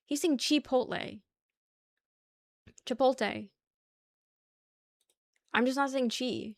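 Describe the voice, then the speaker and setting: A woman's voice: high-pitched, takes it slowly, dry recording, studio quality. A young woman livestreaming casual chat with her viewers, rambling, laughing easily and swearing offhandedly. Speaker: livestream host.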